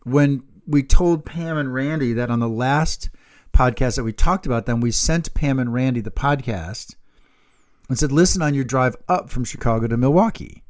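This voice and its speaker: A man's voice: medium pitch, moderate pace. Playful man in his fifties. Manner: playful, teasing, breaks into silly voices and laughs. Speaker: podcast co-host. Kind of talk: casual chat.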